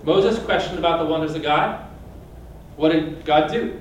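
A man's voice: on the high side, moderate pace, a little hiss or hum. A man preaching a sermon, reading scripture aloud and asking his listeners questions directly. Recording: very echoey room from a distance.

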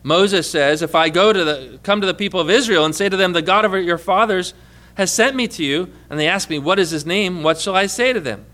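A man's voice: sits high, brisk, pushed and bright. A man preaching a sermon, reading scripture aloud and quizzing his congregation with questions. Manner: asks the congregation questions and prompts answers; reads scripture aloud with emphatic stress.

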